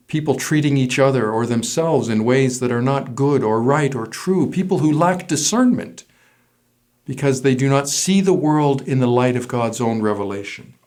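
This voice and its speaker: A man who is a pastor, preaching a sermon in a measured way, stressing single words with pauses. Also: mid-range voice, a little mellow.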